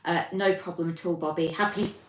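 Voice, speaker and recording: A woman's voice: fairly low pitch, steady tone, a little fast, a little hiss or hum. A young English woman hosting a casual livestream, chatting and reading out viewer comments with lots of ums. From England. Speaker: livestream host. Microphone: phone. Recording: echoey room, mic far off.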